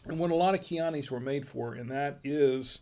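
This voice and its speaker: A man's voice: on the high side, moderate pace, darkish tone. An American man hosting a casual wine tasting, chatty and folksy, murmuring as he samples food and wine. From United States. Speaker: wine review host.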